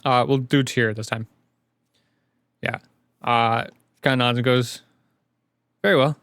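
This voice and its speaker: A man's voice: mid-range voice, level tone, a little slow, a bit bright, clear, resonant tone, dry recording. A man narrating a tabletop game as game master, casual, with frequent fillers and laughter.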